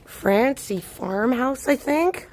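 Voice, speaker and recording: A woman's voice: high-pitched, lively intonation, slow, a little hiss or hum. A woman hosting a live-stream walking tour outdoors, chatting and greeting viewers by name as she films on a handheld phone. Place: outdoors on a snowy city walk.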